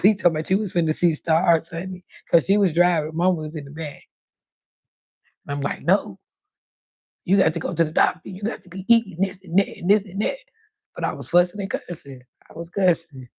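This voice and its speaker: Gravelly fifty-something woman live-streaming. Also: lowish voice, brisk, dry recording. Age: 50s. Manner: chatty, animated storytelling with cussing and quoted voices. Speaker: livestream host. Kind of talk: casual livestream chat.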